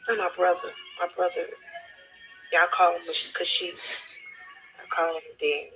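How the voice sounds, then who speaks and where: A woman speaking as a distraught grieving mother, halting and repeating herself, dropping to near-whispers and then rising again. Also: fairly low pitch, little pitch movement, bright, forceful tone, slightly rough, soft background music, rough recording. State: distraught, on the edge of tears. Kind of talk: emotional personal testimony.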